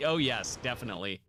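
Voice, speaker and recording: A man's voice: medium pitch, bright, forceful tone, a little hiss or hum. A man streaming a video game late at night, chatting casually and enthusiastically about the game and laughing often. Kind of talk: casual gameplay commentary.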